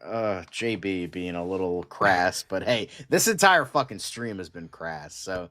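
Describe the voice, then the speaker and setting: Blunt, profane male co-host with a fairly low voice, casual and joking. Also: expressive, unhurried, pushed and bright. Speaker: podcast co-host. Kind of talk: casual chat.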